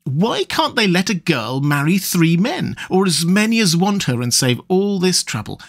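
A man's voice: sits high, sing-song, moderate pace, exaggerated voice. Lucy, gushing young woman, read by a man. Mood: emotional. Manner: gushing, confiding. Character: young woman, sweet-natured, emotional, writing a letter. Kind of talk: audiobook reading.

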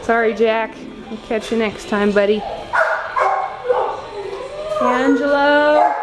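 A woman with a high voice talks slowly and sweetly to shelter dogs in cooing baby-talk, filming them on a handheld camera indoors. Music plays clearly over the recording. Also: rough recording. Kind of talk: casual vlog, talking to dogs. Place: indoor animal shelter kennels.

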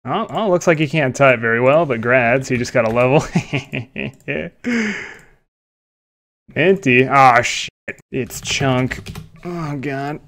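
A young man giving live commentary on his own gameplay, excitable, laughing often and swearing. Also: medium pitch, slow, long pauses. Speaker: gaming YouTuber.

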